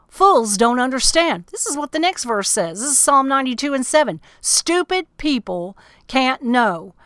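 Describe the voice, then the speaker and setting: A woman's voice: a little high, fairly bright tone, dry recording, studio quality. A woman ministering on radio, reading psalms and commenting emphatically, repeating key lines.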